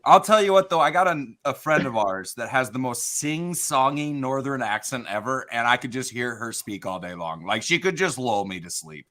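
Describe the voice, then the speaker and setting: A man's voice: mid-range voice, animated, moderate pace, few pauses, a bit bright. A man co-hosting a podcast, talking enthusiastically in casual chat. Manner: enthusiastic, musing. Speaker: podcast co-host.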